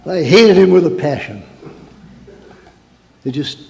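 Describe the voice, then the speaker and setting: In a reverberant hall, a male counselor gives a comic sermon-style talk built on stories, rhetorical questions, and mock-angry asides. His fairly high, expressive voice has vocal fry and a darkish tone, and he takes it slowly.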